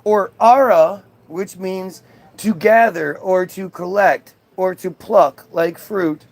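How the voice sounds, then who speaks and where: This high-pitched voice carries vocal fry as the man delivers a heated live-stream rant. He swears, turns sarcastic, and ridicules a person in his chat.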